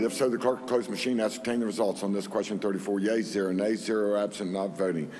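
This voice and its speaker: A man's voice: fairly low pitch, steady tone, fast talker, darkish tone. Formal man chairing a session in an echoey hall. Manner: formal, procedural. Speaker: presiding officer. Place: legislative chamber. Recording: echoey chamber with faint room noise.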